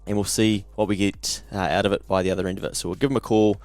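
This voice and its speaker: Man, New Zealand accent, podcast host, lowish voice, dry close sound. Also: little pitch movement, fast talker, darkish tone, no echo, faint music behind. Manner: upbeat, blokey and enthusiastic. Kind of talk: podcast interview.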